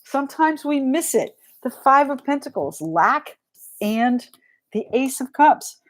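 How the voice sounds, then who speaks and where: A woman's voice: high voice, very animated, a little slow. A middle-aged woman with a New England accent giving a live tarot reading in a chatty, frank and joking way. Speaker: tarot reader.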